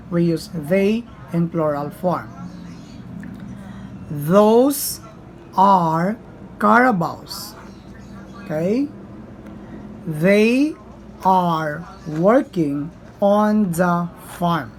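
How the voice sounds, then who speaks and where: A woman teaching a grammar lesson in a slow, deliberate way, often calling the class to attention. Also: lowish voice, slight background noise, poor audio. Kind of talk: grammar lesson for young learners.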